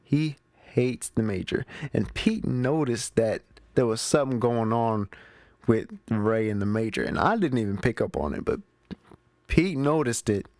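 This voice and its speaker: A man's voice: medium pitch, animated, measured pace, darkish tone, no echo. A man hosting his own movie show, recapping the plot in a casual, slangy way and talking straight to his listeners. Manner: chatty, slangy, talks straight to the audience. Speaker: movie review show host.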